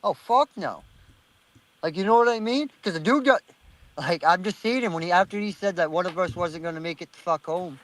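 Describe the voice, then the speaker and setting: A man's voice: high-pitched, brisk, a little hiss or hum, rough recording. Fired-up, cursing man telling a story. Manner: profane, heated, animated storyteller. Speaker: panelist. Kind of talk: casual storytelling on an online panel.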